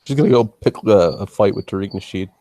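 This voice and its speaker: A man's voice: lowish voice, quick pace, mellow, dry recording. A man co-hosting a casual livestream, tossing in dry, sarcastic quips. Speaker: stream co-host.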